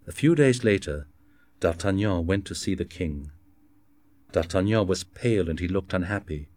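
Man reading a story out loud, real low voice, slow clear words, dry close sound. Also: animated, no echo. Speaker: narrator. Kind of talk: scripted narration of a graded reader.

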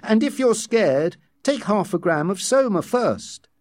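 A woman's voice: medium pitch, expressive, measured pace, darkish tone, no echo, studio quality, voice pushed up, close to an everyday voice. A man voicing a blunt, practical young woman who gives matter-of-fact advice to a friend in a read-aloud story. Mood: brisk.

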